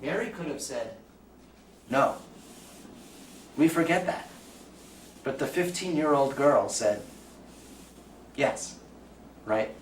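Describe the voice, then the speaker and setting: A man's voice: mid-range voice, lively intonation, takes it slowly, pauses often. A middle-aged man with a Bronx accent giving a chatty, joking talk to a live audience. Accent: New York (Bronx). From the Bronx, New York. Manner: chatty, jokey storyteller with audience asides. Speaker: lecturer. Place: lecture room. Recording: roomy sound, from far off, faint background noise.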